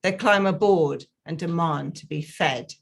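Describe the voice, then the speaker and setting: A woman reading her own flash fiction aloud, slow and measured. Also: lowish voice, creaky. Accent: non-local accent.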